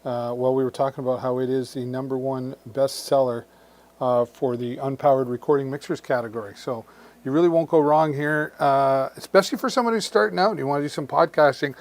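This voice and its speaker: A man's voice: medium pitch, brisk. A man hosting a live deals stream, friendly and rambling, with many restarts.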